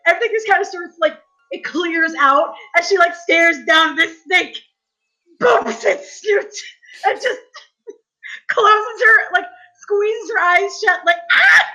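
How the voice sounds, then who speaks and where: A woman playing in a tabletop game, excitable and giggly as she narrates her character's actions. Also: extremely high pitch, slow pace, low-quality recording. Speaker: player. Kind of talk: casual tabletop role-play.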